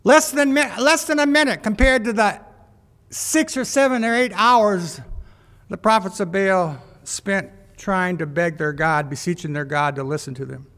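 A man's voice: high voice, unhurried, fairly bright tone, big-room sound. A man preaching a sermon, asking the congregation rhetorical questions as he goes.

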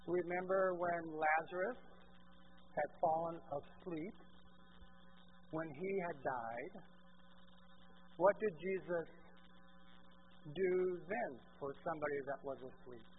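A man preaching a sermon, asking the congregation questions and swinging from quiet asides to loud exclamations. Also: on the high side, slow pace, long pauses, phone-quality sound, a little hiss or hum.

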